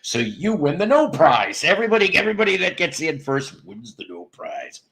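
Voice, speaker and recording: A man's voice: on the high side, sing-song, moderate pace, gravelly, a bit bright. A man hosting a casual livestream, chatting with viewers in a rambling, jokey way, cracking crude jokes and laughing at them. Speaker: livestream host. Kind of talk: casual chat with live viewers.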